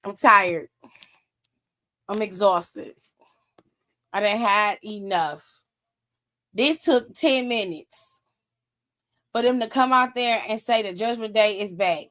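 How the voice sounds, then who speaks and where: Slow-talking woman ranting about wrestling. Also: fairly bright tone. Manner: blunt, profane, exasperated, laughs and pitch jumps up when mocking. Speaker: wrestling aftershow host. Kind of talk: casual wrestling recap rant.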